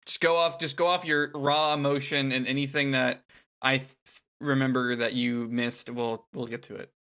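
A man's voice: medium pitch, flat delivery, moderate pace, bright, forceful tone, smooth. A man hosting a podcast, opening the show and chatting playfully, laughing and swearing casually. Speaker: podcast co-host.

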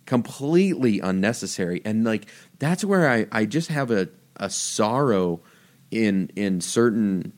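A man's voice: lowish voice, lively intonation, a little slow, a little mellow. A man talking casually about faith on a podcast, telling stories animatedly and jumping his voice up for quoted lines. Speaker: podcast host.

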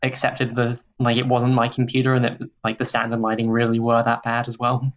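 A man's voice: medium pitch, monotone, brisk, dull audio, slight background noise. A man co-hosting a podcast in casual chat over a remote call, making dry, wry remarks.

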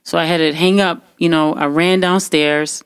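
A young woman telling a personal story in casual talk, animated and full of fillers and restarts. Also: deep voice, normal speed, clear, resonant tone, dry recording, clean studio sound. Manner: animated, acts out quotes, many fillers and restarts.

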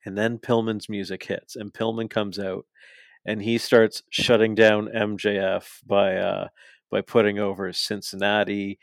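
A man co-hosting a podcast, excitedly recapping wrestling in casual, profane chat and laughing as he goes. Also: lowish voice, creaky, no room sound, studio quality. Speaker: podcast co-host.

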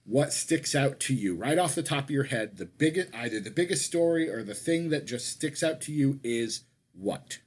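A man's voice: mid-range voice, animated, normal speed, hardly any pauses. A man co-hosting a casual wrestling podcast, talking in a rambling way that keeps correcting itself. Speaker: podcast co-host.

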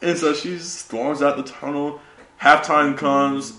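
A young man, a podcast host, telling animated stories in casual chat and saying "bro" a lot. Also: a little high, slow pace, reverberant. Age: young adult.

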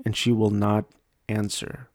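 A man's voice: fairly low pitch, little pitch movement, unhurried, a little mellow, dry recording, clean studio sound. A married man hosting a casual solo podcast, rambling through jokes and self-mocking asides. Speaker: podcast host.

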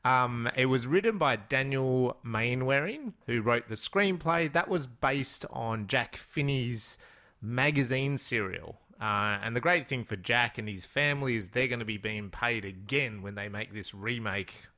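An Australian man from Western Australia co-hosting a casual film podcast, chatty and quick to laugh as he leads the talk. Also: mid-range voice, pushed and bright. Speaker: podcast co-host.

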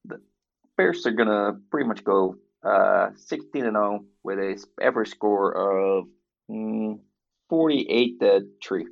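Gravelly low-voiced man chatting. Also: highs cut off. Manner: dry, jokey, measured. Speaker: fantasy football podcast co-host. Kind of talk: casual chat.

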